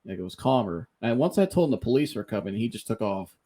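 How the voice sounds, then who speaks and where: A fast-talking man with a lowish voice hosts a podcast and shares a funny story. Casual and animated, he laughs a lot and mimics the people he quotes.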